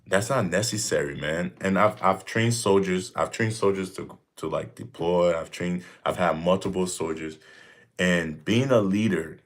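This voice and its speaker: A young man hosting a casual livestream Q and A from home, talking in a laid-back, rambling, slangy way with lots of "like" and "you know". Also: low voice. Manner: slangy and blunt. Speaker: livestream host answering questions. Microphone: desk mic.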